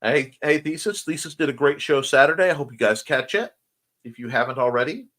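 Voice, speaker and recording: With a mid-range voice and a fairly quick delivery, a man hosts an easygoing morning stream, reading comments from viewers. He's rambling, playful, and warm toward them, and his slightly scratchy voice carries a speech impediment he talks about himself.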